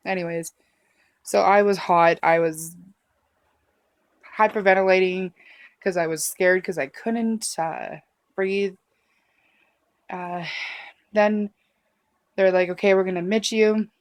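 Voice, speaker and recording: A woman telling a personal story to camera in a halting, emotional way, with many fillers and restarts. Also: fairly low pitch, no room sound. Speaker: vlogger.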